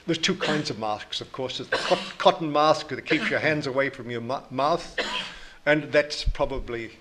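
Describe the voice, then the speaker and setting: New Zealand man explaining science calmly. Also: medium pitch. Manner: measured, explanatory, frequent restarts. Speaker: invited scientist answering questions. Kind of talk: lecture Q&A answers.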